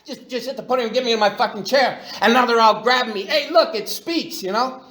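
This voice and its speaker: A man's voice: very high voice, fairly even intonation, fast, bright, forceful tone. A middle-aged man telling his recovery story at a meeting in a profane, slangy way, restarting his sentences often. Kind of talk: personal recovery share. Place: meeting room. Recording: echoey room recording.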